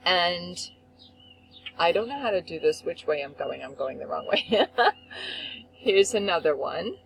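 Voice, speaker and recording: A woman hosting a faith talk show, telling a family story in an animated, expressive way. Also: unhurried, vocal fry, a little hiss or hum, poor audio. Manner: expressive, acts out quotes with big pitch swings. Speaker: host.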